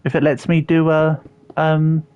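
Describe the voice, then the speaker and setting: Faint background music accompanies slightly dull audio as a young man livestreams a building game. His voice is on the high side, clear and resonant but monotone, with a measured pace, and he answers viewers with self-deprecating jokes in casual chat.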